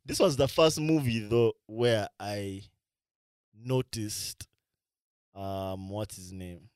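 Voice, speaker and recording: A man in casual chat about movies, talking in slang with lots of "bro" and often trailing off into quieter asides. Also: on the low side, takes it slowly, clear, resonant tone, dry recording, studio quality.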